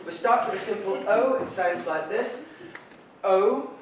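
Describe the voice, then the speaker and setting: A man presenting a playful science show to a theatre audience, leading call-and-response with sudden loud shouts. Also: high-pitched, normal speed. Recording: echoey hall from far off, loud crowd noise.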